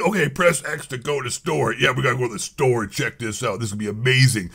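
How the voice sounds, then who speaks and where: A man's voice: fairly high pitch, big pitch swings, normal speed, vocal fry, a bit bright, slightly rough. A man ranting sarcastically as a gaming YouTuber, exasperated and swearing often. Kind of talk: gaming commentary rant.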